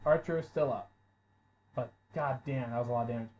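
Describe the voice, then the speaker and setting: A man running a tabletop role-playing game as game master, calling rolls and narrating the action, who gets loud and swears when surprised. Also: mid-range voice, fairly quick. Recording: dull lo-fi audio.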